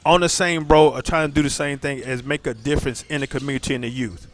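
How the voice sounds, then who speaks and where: A man's voice: medium pitch, fairly even intonation, fast talker, faint music behind. A man hosting a casual interview, giving short affirming replies. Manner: brief affirming replies and laughs.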